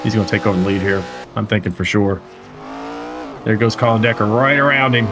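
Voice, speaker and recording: Over music and the sound of racing car engines, a man with a lowish voice delivers brisk live play-by-play of a simulated stock car race. He keeps it conversational and jokey, reading viewer chat aloud as he goes.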